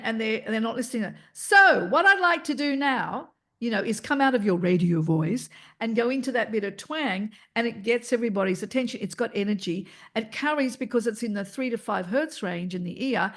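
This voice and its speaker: A woman, leading an online voice workshop in an energetic, encouraging way and demonstrating vocal tones as she teaches. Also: mid-range voice. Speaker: voice coach running an online workshop.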